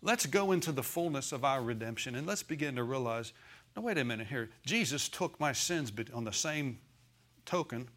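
A man's voice: mid-range voice, expressive, moderate pace, a bit bright. A male pastor preaching a sermon in a conversational, folksy way. He often checks in with the congregation for an "amen" and repeats phrases for emphasis.

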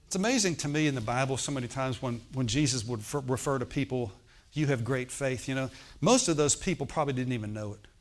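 A man's voice: medium pitch, animated, fast. A man preaching a sermon, telling a personal healing story and often asking the congregation "Amen?". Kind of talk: sermon testimony.

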